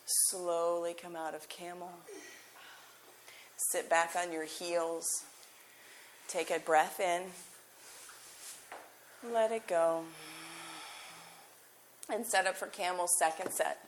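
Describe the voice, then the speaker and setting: Woman yoga teacher, live studio class, unhurried lower voice, faint room noise. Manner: calm, encouraging instructions.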